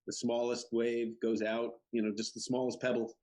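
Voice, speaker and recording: A man's voice: medium pitch, little pitch movement, moderate pace, darkish tone. A male comedian chatting on a video call and sometimes groping for the right words. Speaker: comedian guest. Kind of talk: casual video call chat.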